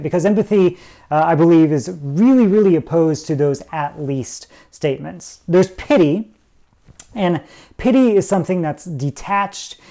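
A male pastor delivers a sermon in an easygoing, conversational manner. His voice sits in a mellow, warm register, and he often pauses with small fillers and corrects himself as he goes. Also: a little high. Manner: conversational preaching with frequent "uh" fillers and self-corrections.

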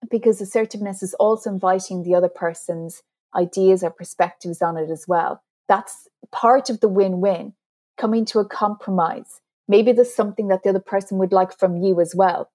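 A woman's voice: on the low side, moderate pace, darkish tone. A woman author as an interview guest, explaining communication skills earnestly and laughing at herself now and then. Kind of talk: interview conversation.

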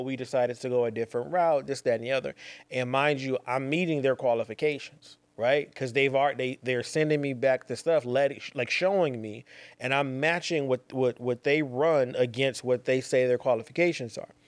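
A man's voice: medium pitch, normal speed, dry recording. Young male host, casual rambling storyteller, mid-range voice, dry recording. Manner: rambling, repeats phrases, slangy asides. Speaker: podcast host.

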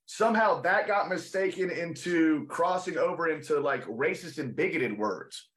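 A male comedian from Texas, a guest in casual chat, telling stories briskly and swearing freely. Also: fairly high pitch, a bit bright.

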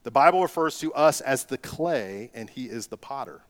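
A middle-aged male pastor preaches a sermon at a medium pitch. He leans on rhetorical questions and pushes into emphatic bursts for his key points. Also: animated, normal speed.

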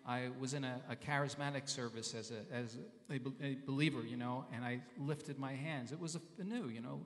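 A man's voice: mid-range voice, brisk. Man, pastor, sermon, conversational, repeats phrases, long hall reverb. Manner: conversational, repeats phrases, sounds out Hebrew and Greek words.

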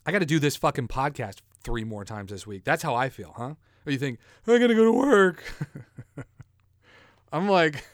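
A man's voice: on the high side, a bit bright, no room sound, clean studio sound. Rambling crude man hosting a podcast. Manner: rambling, crude, self-mocking, laughs at own jokes. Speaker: podcast host. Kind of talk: casual solo podcast joking.

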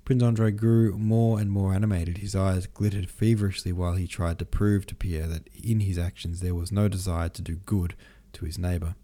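A man narrating a classic novel in a steady, measured reading as a podcast host. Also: sits low. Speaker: audiobook podcast host and reader. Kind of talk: scripted literary narration.

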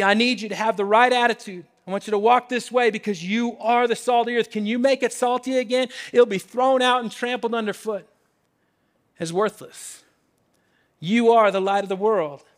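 A man's voice: high voice, a bit bright. A man preaching a sermon in an emphatic, conversational way, often repeating his phrases. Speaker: pastor.

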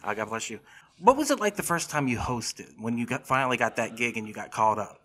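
Man, bright tense tone, casual chat, comedy guest. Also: medium pitch, expressive, fast talker.

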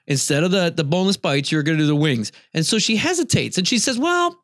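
A man's voice: on the high side, animated, fast, dry recording, studio quality. A middle-aged man co-hosting a podcast, telling a long story in casual chat and laughing often. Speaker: podcast co-host.

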